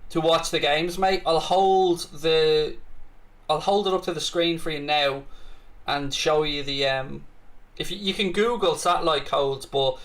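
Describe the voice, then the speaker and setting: An Irish man hosting a live football watchalong, chatty and excitable, swearing freely as he reacts to the match and answers viewers' comments. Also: on the high side, measured pace. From Ireland.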